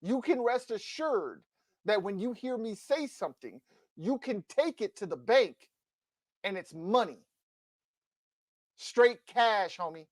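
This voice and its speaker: Ranting about sports on his podcast, a male co-host presses his points with emphatic, combative passion into a close mic. He has a high voice with big pitch swings and an unhurried pace, recorded without echo.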